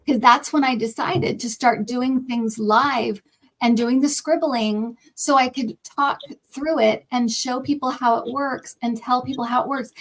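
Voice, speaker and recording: Lively middle-aged woman telling a story. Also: high voice, low-quality recording. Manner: animated storytelling, hurried bursts then drawn-out words. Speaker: psychic reader and channel host. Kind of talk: casual chat.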